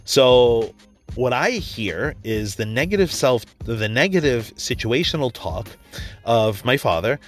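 A man talks through a motivational monologue in a casual, blunt way. He swears freely and tells stories from his own life. His pitch sits in a middle range, and soft music plays faintly behind him. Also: lively intonation, unhurried. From New York area. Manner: blunt, profane, storytelling with acted-out quotes. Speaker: motivational speaker.

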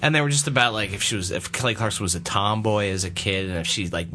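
A man's voice: lowish voice, fast talker, sharp tone, slight background noise. A man co-hosting a podcast in casual chat, enthusiastic and rambling, often joking at his own expense. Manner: enthusiastic, rambling, self-deprecating. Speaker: podcast co-host.

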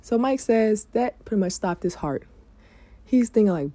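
Woman, casual vlog storytelling, candid and chatty, curses freely, very dark mellow voice, dry close sound. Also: medium pitch, lively intonation, normal speed, no room sound. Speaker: vlogger giving dating advice.

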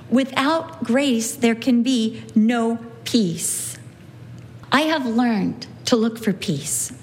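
A woman's voice: on the high side, slight background noise. A woman giving an earnest Bible teaching, repeating key phrases for emphasis and acting out quoted lines.

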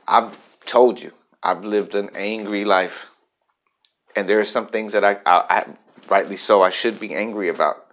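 A man's voice: on the low side, steady tone, normal speed, fairly bright tone, muffled recording. A man vlogging a personal, reflective monologue, talking candidly and rambling with frequent restarts.

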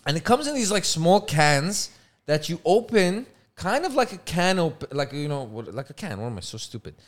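A young man co-hosting a casual podcast, with a slightly raised pitch and a very lively, bouncing delivery. He tells stories freely, swears often, and breaks into loud, high outbursts. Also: moderate pace. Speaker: podcast co-host. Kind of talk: casual chat.

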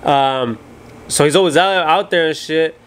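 A man's voice: a little high, unhurried, slight background noise. A young man co-hosting a podcast, telling stories in casual profane chat and mixing in Spanish slang. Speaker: podcast co-host.

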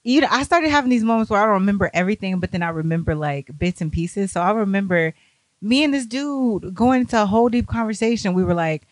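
Young woman telling a wild party story, swearing a lot, super animated, dry room. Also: mid-range voice, quick pace, no room sound. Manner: animated, profane, acts out quotes. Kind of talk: casual storytime.

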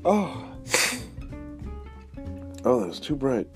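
A man's voice: medium pitch, lively intonation, slow pace, music in the background. A young man hosting a casual morning podcast, rambling and wry, swearing freely. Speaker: podcast host.

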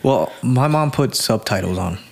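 A man's voice: mid-range voice, lively intonation, moderate pace, gravelly, a crowd in the background. A man from Puerto Rico co-hosting a podcast, laid-back and joking, often answering in short quips. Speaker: podcast co-host. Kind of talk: casual podcast chat.

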